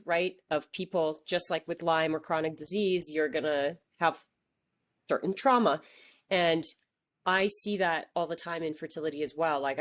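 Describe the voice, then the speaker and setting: A woman doctor hosting a podcast interview, chatty and affirming, asking long rambling questions. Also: sits low. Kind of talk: conversational interview.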